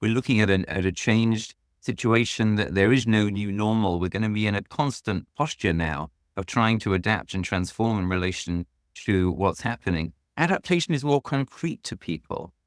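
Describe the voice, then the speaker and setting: A man's voice: fairly low pitch, normal speed, hardly any pauses, smooth, no echo, clean studio sound. A man answering as a guest author on a podcast, earnest and emphatic, leaning hard on key words.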